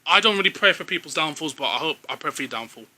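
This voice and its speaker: Quick, high-voiced young man. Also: animated, pushed and bright. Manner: teasing, quizzing, swears freely. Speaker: co-host, son. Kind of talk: casual football banter.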